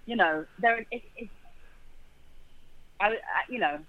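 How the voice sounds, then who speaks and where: A man's voice: sits high, a little slow, dry recording, muffled recording. A man with a middle-class London accent, a guest talking casually and thoughtfully, often stopping to restart his sentences. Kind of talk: casual conversation.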